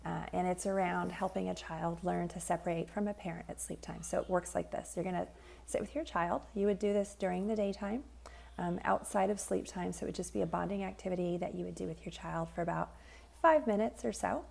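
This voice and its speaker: A woman parent coach calmly explaining a tip in an unscripted way, with frequent fillers. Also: fairly low pitch, a little fast, vocal fry. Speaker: parent coach and child sleep expert. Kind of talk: informal educational video tip.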